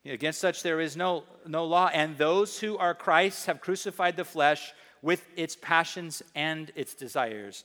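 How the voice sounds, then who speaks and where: A man preaching a sermon in a church, emphatic and quick to joke, with sudden asides to his listeners. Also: a little high, pushed and bright, big-room sound. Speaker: pastor.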